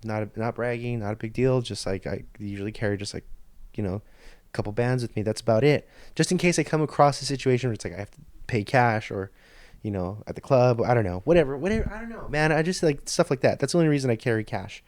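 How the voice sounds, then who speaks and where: A man's voice: medium pitch, expressive, quick pace, a little mellow, dry recording. A man hosting a podcast, telling a story in a rambling, profane, stop-start way into a studio microphone. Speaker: podcast host. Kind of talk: casual storytelling monologue.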